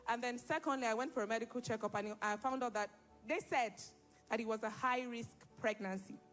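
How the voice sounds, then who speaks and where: Woman giving a lively testimony. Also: fairly high pitch, brisk, faint music behind. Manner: lively storytelling, acts out quoted dialogue. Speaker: church member giving testimony. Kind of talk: spoken testimony.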